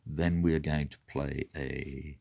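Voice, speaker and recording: A man's voice: a bass voice, steady tone, slow pace, gravelly, warm tone. A man talking through his moves in a tabletop wargame, methodically counting dice and spaces aloud. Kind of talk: talking through a board game turn.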